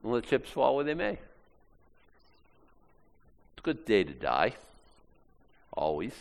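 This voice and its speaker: A man's voice: mid-range voice, very animated, a little slow, gravelly. A man preaching a sermon, acting out quoted lines in shifting voices. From Maine, US. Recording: long hall reverb.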